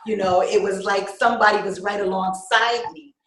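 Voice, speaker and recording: A woman's voice: medium pitch, fairly even intonation, normal speed, a bit bright. Earnest woman in a roomy space. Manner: earnest, reflective. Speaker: guest author. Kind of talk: candid personal talk. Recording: roomy echo, faint noise.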